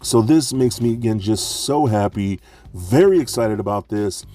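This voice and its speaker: A man reviewing action figures with excited, gushing enthusiasm, stumbling over fillers and restarts. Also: lowish voice, normal speed, no room sound, faint music behind. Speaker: toy reviewer.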